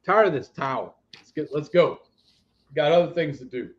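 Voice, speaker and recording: A man giving a live spiritual reading and healing, talking bluntly and animatedly, shifting between loud commands and quiet asides. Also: fairly high pitch, normal speed, dull audio. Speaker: psychic healer.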